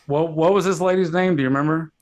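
A man's voice: a little high, steady tone, fast talker, crowd noise. Laid-back man chatting on a podcast. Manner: laid-back, short reactions and jokes. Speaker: podcast co-host. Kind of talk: casual chat.

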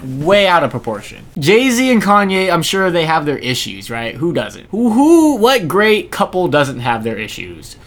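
A man's voice: a little high, unhurried, few pauses. A man co-hosting a podcast in casual chat, swearing freely and laughing often through the banter. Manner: profane, laughing, animated banter. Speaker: podcast co-host.

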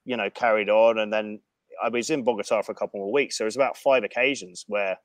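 A man telling a profane anecdote in casual chat, animated and frank. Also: on the low side, fast talker, no room sound. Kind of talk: casual storytelling.

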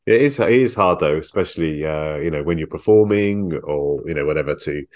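A man hosting an interview podcast, asking questions in a relaxed way with hesitant fillers. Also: very deep voice, fairly quick. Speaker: podcast host. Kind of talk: casual interview chat.

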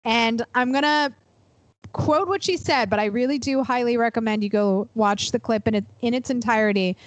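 A woman co-hosting a podcast, talking in an animated, emphatic, profane way. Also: medium pitch, no room sound, poor audio. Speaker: podcast co-host. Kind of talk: casual chat.

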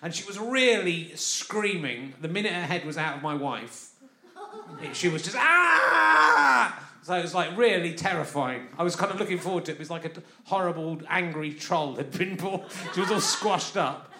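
A man's voice: fairly high pitch, normal speed, a bit bright. A man from London, hosting a live comic podcast, rambling and chatty and often laughing through his lines. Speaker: podcast host. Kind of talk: live comic monologue to an audience. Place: live festival venue. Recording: roomy live venue sound.

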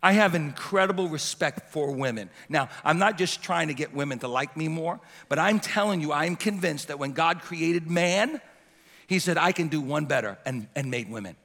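Passionate pastor preaching in a reverberant hall. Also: male voice, a little high, expressive, normal speed. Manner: passionate, building to shouts and dropping to soft prayer. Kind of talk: sermon. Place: church sanctuary. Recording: long reverb of a church hall.

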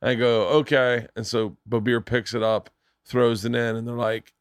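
A middle-aged man from Florida, a podcast host telling animated stories in casual chat and acting out the quotes. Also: medium pitch, moderate pace, clear, resonant tone, dry recording, studio quality. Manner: animated storyteller, acts out quotes, swears freely.

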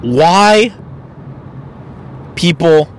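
A man's voice: a little high, animated, very slow, slight background noise, poor audio. A man hosting a podcast, delivering a blunt, profane opinion monologue. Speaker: podcast host.

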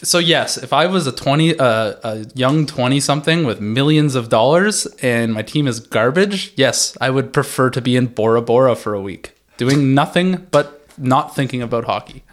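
Man, mid pitch, podcast co-host, casual chat, wry asides. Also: normal speed, hardly any pauses.

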